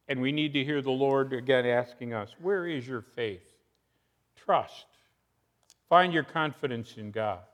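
A man's voice: medium pitch, measured pace. A man preaching a sermon, speaking earnestly and retelling scripture with rising emphasis. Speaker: pastor.

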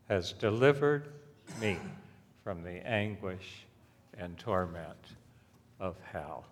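A man's voice: on the low side, big-room sound. A man preaching a sermon, reading scripture aloud and rising sharply in emphasis on key passages. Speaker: pastor. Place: church sanctuary.

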